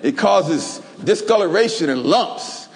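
A man preaching a lively, humorous sermon in a church, with call-and-response. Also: high-pitched, unhurried. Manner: animated, call-and-response, plays jokey role examples. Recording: long reverb of a church hall.

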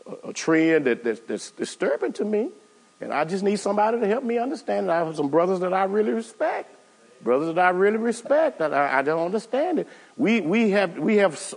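A man's voice: on the high side, big-room sound. A man preaching a sermon, emphatic, with many stammered restarts and calls out to the congregation.

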